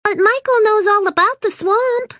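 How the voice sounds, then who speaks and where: A woman reading an audiobook, voicing a small frightened little girl who talks in a high, worried voice. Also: moderate pace, a bit bright, dry recording, studio quality. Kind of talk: audiobook character voice.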